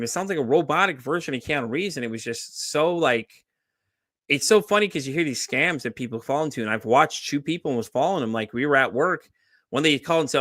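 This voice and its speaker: Bright-voiced man telling animated stories. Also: fairly high pitch, fast talker, dry recording, studio quality. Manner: animated storytelling, acts out quoted voices, swears freely. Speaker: podcast host. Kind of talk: casual podcast chat.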